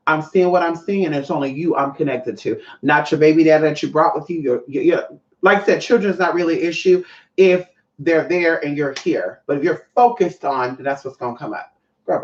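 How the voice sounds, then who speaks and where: A speaker casually telling a story to viewers, lively and profane, acting out the other people's voices. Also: medium pitch. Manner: animated, swears often, acts out other voices. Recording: muffled, echoey room.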